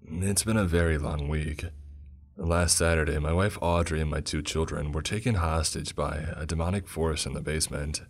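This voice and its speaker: A man narrating a horror story in a steady, grave tone. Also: a bass voice, moderate pace. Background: soft music.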